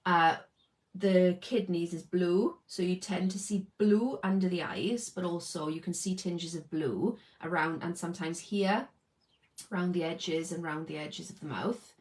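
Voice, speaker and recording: Woman, slightly low voice, casual explainer, keeps tagging "okay?". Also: measured pace, darkish tone, poor audio. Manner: chatty, explains with lots of "okay?" tags. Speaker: healing practitioner and coach. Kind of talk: casual talk to camera.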